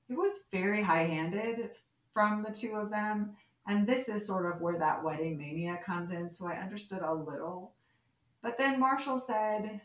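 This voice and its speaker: A woman's voice: mid-range voice, a little slow, reverberant. A woman co-hosting a podcast, chatting casually and acting out the characters' lines as she recaps scenes. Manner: animated, quotes characters as she retells scenes. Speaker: podcast co-host. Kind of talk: casual chat recapping a soap opera.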